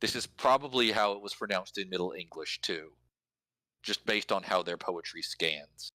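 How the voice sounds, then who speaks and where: A man's voice: low-pitched, normal speed, sharp tone, no room sound, poor audio. A man in casual conversation, explaining points at length and thinking aloud with fillers as he goes. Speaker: lyric and language helper.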